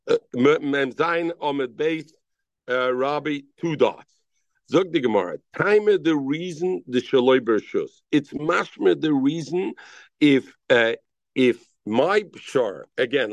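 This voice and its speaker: A man's voice: mid-range voice, animated, takes it slowly, no echo. A man teaching a Daf Yomi Talmud class, calling on students by name and mixing in Hebrew and Aramaic terms.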